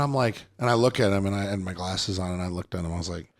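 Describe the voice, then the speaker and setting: A middle-aged man hosting a podcast, telling candid stories in a profane, animated way. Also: sits low, quick pace. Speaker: podcast host. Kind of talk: casual conversation, storytelling.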